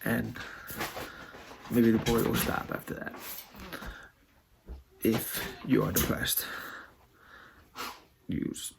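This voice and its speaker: Earnest man with a gravelly voice. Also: medium pitch, flat delivery, slow pace, pauses often, noisy background. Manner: earnest, heartfelt, loose and rambling. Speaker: vlogger. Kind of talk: casual video monologue.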